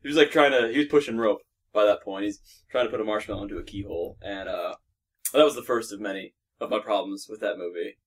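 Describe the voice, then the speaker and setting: A man's voice: fairly low pitch, fast talker. Blunt, profane young man reviewing a film. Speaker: podcast co-host. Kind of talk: casual movie review chat.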